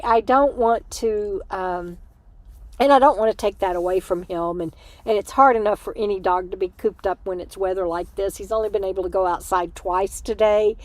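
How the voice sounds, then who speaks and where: A woman's voice: mid-range voice, a little mellow, no echo. An older woman, host of a casual livestream, chatting and giggling with many fillers while short on sleep inside an RV. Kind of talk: casual livestream chat reading comments. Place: small room inside an RV.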